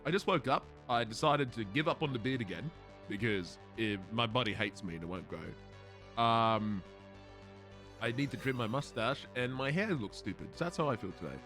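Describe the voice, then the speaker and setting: A man's voice: mid-range voice, animated, moderate pace, fairly bright tone, soft background music. A young Australian man chatting casually with his stream viewers, swearing and laughing at himself as he goes.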